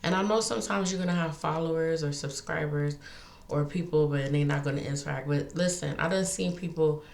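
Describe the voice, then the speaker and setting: A woman's voice: low voice, brisk, vocal fry. Feisty woman vlogging in an echoey room. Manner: animated, feisty, talks in bursts with restarts. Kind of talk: casual storytelling monologue.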